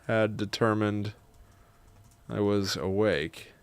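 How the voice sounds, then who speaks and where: Low, gravelly man writing out loud. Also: no room sound. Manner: slow, halting and musing; lively and chatty with his viewers. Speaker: streamer writing a horror story. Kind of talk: dictating a story while writing.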